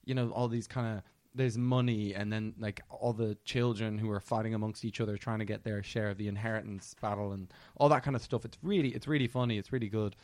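A man's voice: on the low side, steady tone, quick pace, few pauses, a little mellow, no echo. A man co-hosting a film podcast in casual chat, who laughs easily and trails off while searching for names.

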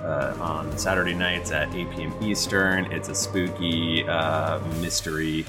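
A man co-hosting a casual podcast chat over a video call, halting with many fillers and dry humor. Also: extremely low pitch, level tone, music in the background. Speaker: podcast co-host.

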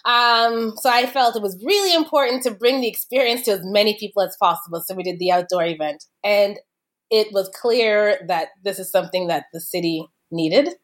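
Woman wine expert guest, mid-pitched, chatty and explanatory, loose with fillers. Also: fairly quick. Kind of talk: casual podcast conversation.

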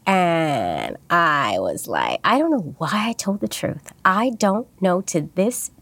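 A woman's voice: on the low side, sing-song, takes it slowly, a bit bright, dry recording. A woman telling a personal story in casual chat, candid and rambling, with many fillers and restarts.

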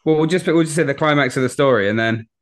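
A man's voice: fairly high pitch, fast talker. A man co-hosting a podcast, reacting with wry, teasing remarks in casual chat. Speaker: podcast co-host.

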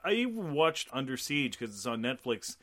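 Man, podcast co-host, animated profane storytelling, mid-pitched voice. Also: moderate pace, over a noisy crowd. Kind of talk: casual chat.

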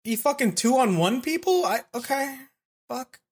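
A man recapping an anime in casual chat, animated and profane, acting out the characters as he retells. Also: very high-pitched, normal speed, breathy edge. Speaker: podcast host recapping an anime.

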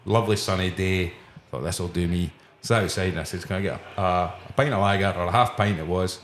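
A Scottish man with a fairly low voice tells a casual story, laughing as he goes. He hosts a podcast, recorded in a roomy back room of a pub with faint chatter behind him. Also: brisk, a little hiss or hum. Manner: laughs often while telling stories. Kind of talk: casual anecdote telling.

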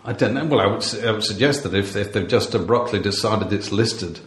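A man's voice: on the low side, a little fast, a bit bright, echoey room. A man hosting a podcast, chatting casually and telling wry stories with frequent laughs. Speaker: podcast host. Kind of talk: casual chat.

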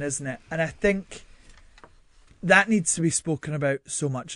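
A man's voice: on the high side, no echo. A young man in a studio interview, telling personal stories expressively with many fillers. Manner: expressive storyteller with frequent fillers and laughs. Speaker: guest. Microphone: studio microphone.

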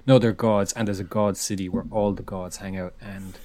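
A man's voice: low voice, little pitch movement, normal speed, mellow, no room sound. A man co-hosting a casual film podcast, talking animatedly and repeating words as he builds his point. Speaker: podcast co-host.

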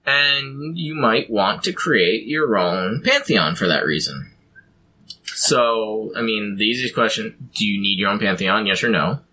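Casual host, male, lowish and very bright, explanatory rambling delivery, faint background noise. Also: animated, a little slow, low-quality recording. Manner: rambling, explanatory, with frequent ums and laughs. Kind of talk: casual chat about tabletop game design.

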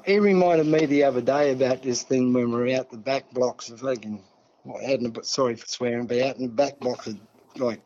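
A man's voice: medium pitch, fairly quick, darkish tone, dull audio. An older man with an Australian accent, telling stories in a rambling, folksy way as a podcast guest. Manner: rambling, folksy, peppers talk with "see" and "mate". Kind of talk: casual storytelling.

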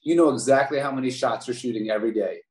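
A man in his forties from Baltimore, telling stories from his youth as a podcast guest, lively and prone to repeating words. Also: mid-range voice, fast talker. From Baltimore, USA. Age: 40s. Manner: animated storyteller, repeats words. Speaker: podcast guest, former basketball player. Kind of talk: interview storytelling. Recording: roomy echo.

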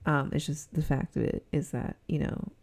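Low, gravelly Southern Californian woman. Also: fairly even intonation, moderate pace, a little mellow. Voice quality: says her voice sounds snobby. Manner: rambling, giggly, lots of fillers. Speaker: podcast host. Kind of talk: casual solo podcast chat. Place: indoors at home with a heater on.

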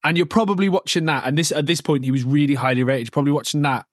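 A man's voice: fairly high pitch, fairly even intonation, very fast, dry recording, clean studio sound. A young man hosting a casual football podcast, rambling and joking, laughing often and restarting his sentences. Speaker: podcast host.

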